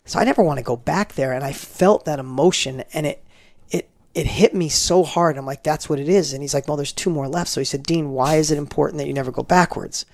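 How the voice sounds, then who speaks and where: A middle-aged man as a podcast guest, telling personal stories in a casual interview, animated and acting out quoted dialogue with frequent restarts. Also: fairly high pitch, a little fast, gravelly, dry recording.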